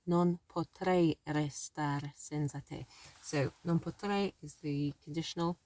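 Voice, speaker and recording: A woman's voice: low-pitched, creaky, no echo. A woman teaching a language lesson in a chatty, thinking-aloud way, often correcting herself as she explains. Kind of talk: casual spoken lesson.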